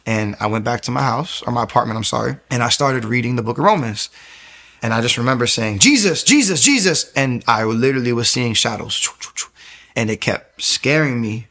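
A man tells his faith testimony in a casual, storytelling way. His voice has a gravelly, creaky edge at a middling pitch. He acts out the people in his story and often repeats and restarts his words. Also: a little fast. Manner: animated storyteller acting out quoted voices. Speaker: testimony speaker.

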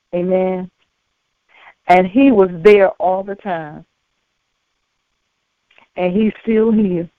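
A woman preaches at an unhurried, deliberate pace, circling back over the same phrases and punctuating them with amens. Her voice comes through narrow and tinny, like a phone line, with a dry sound and no room around it. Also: a little high, no echo. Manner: slow, repetitive preaching punctuated by frequent amens. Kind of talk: sermon.

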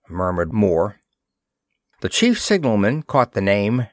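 A man reading a pulp science-fiction story aloud as narrator, in a steady storytelling manner. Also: lowish voice, slow, no echo, clean studio sound.

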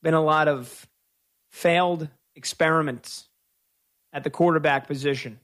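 A male sports radio host with a fairly high voice, arguing his opinions with emphatic, stretched-out words. He runs a call-in show and talks with conviction. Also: steady tone, fairly bright tone. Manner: opinionated, emphatic, with drawn-out stresses.

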